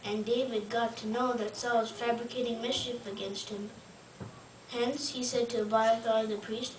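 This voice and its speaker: A woman reading scripture aloud in a steady, fluent way, as a student reader. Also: a little high, moderate pace, a little hiss or hum. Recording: roomy, distant mic, faint ambience.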